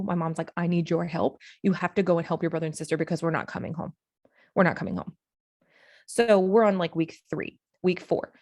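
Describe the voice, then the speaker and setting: A woman's voice: on the low side, a little mellow, no room sound, studio quality. A woman on a podcast, telling a painful personal story in an earnest, emotional way, with many restarts. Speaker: podcast guest.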